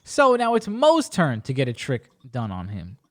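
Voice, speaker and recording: A man's voice: mid-range voice, moderate pace. A man hosting a podcast, telling a story in a casual way and acting out the other people in it. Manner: animated, acts out other people's voices. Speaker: podcast host.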